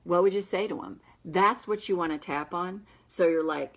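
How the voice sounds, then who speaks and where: A woman practitioner guiding listeners through a tapping session with slow, emphatic affirmations. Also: lowish voice.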